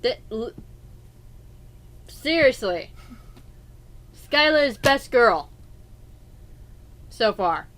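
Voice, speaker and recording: A woman's voice: on the high side, big pitch swings, very slow, long pauses, fairly bright tone. A woman hosting a let's play in casual chat, arguing emphatically and rambling through restarts.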